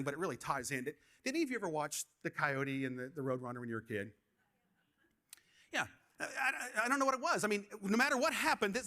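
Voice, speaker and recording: A middle-aged man preaching a sermon, telling stories with lots of energy and often repeating words as he gets going. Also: high-pitched. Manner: animated storytelling, repeats words when excited. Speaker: pastor.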